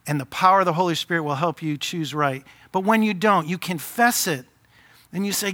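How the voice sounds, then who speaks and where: Impassioned high-voiced male preacher. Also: a little fast, pushed and bright. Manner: impassioned preaching, rising to urgent high-pitched emphasis. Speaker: pastor. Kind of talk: sermon.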